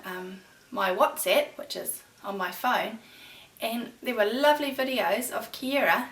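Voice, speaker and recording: A woman, a preschool teacher who reads poems and chats to young children in a warm, sing-song, encouraging way. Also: a little high. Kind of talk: storytime lesson for young children. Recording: echoey room, voice from far off the mic.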